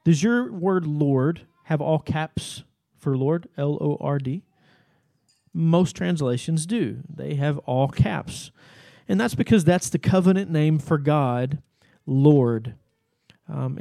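A man with a somewhat high voice delivers a Bible teaching sermon. His tone is mellow and dark, and he explains the text patiently in a conversational way. The sound is dry and close. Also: unhurried, gravelly, dry recording. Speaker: pastor.

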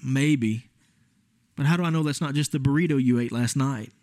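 A man's voice: medium pitch, moderate pace, a little mellow, dry recording. A man preaching a sermon in a conversational, emphatic way, with asides to his congregation. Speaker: pastor.

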